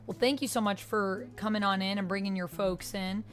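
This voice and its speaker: A woman's voice: medium pitch, fairly even intonation, fairly quick, soft background music. A woman streaming a video game, chatting casually, reading viewers' messages aloud and answering them. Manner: chatty, reads chat messages aloud, soft-spoken. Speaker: variety streamer. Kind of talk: casual livestream commentary.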